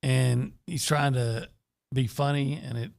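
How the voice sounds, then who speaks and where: A man's voice: medium pitch, steady tone, slow pace, vocal fry, a little mellow. A man who is a sports columnist, talking bluntly and folksily on a sports talk radio show, often restarting his sentences. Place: radio studio.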